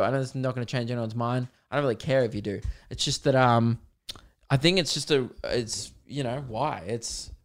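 Sweary, rambling podcast host. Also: male voice, mid-range voice, a bit bright. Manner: candid, sweary and rambling, with mocking put-on voices. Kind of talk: solo casual podcast chat.

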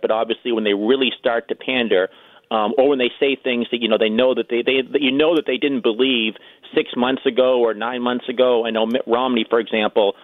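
A man's voice: medium pitch, no echo. A man speaking as a guest on a radio show over the phone, chatty and full of fillers as he tells stories. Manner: chatty, storytelling with many fillers. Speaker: guest political author. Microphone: telephone. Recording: tinny phone line.

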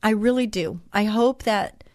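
A woman's voice: mid-range voice, unhurried, no room sound. Earnest, heartfelt woman talk show host. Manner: earnest and heartfelt, openly emotional. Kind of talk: inspirational faith talk monologue.

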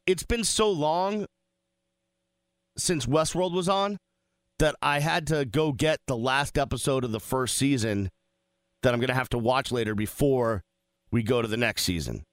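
A man's voice: medium pitch, a bit bright, dry recording. A man hosting a sports talk radio show, talking in an emphatic, conversational way. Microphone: studio microphone.

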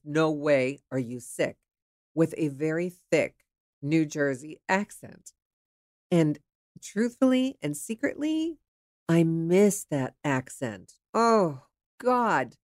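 Woman, from pittsburgh area, candid storytelling, chatty and blunt, very animated pitch, dry close sound. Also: dry recording. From Pittsburgh area, USA. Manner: frank, chatty, occasional swearing. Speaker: storyteller sharing her dating life.

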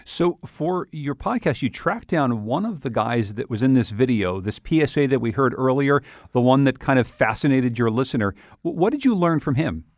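A man's voice: mid-range voice, expressive, moderate pace, hardly any pauses, no echo, clean studio sound. A man hosting a radio interview, asking curious questions. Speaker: radio host.

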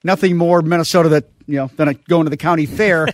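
High-voiced male radio co-host. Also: steady tone, fast, dry recording, studio quality. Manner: loose and joking, with restarts. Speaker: radio co-host reading headlines. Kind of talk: casual radio chat and news reading. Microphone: studio microphone.

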